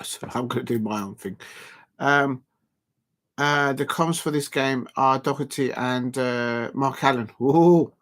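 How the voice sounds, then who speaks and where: A man hosting a casual live stream, calling a snooker match in a chatty, rambling, self-deprecating way with lots of filler pauses. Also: mid-range voice, a bit bright. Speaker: YouTube live-stream host.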